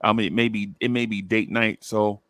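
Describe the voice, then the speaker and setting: A man's voice: lowish voice, steady tone, normal speed, fairly bright tone, clean tone, dry recording. A man co-hosting a casual sports talk show, laid-back and talking in loose restarts. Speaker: podcast co-host.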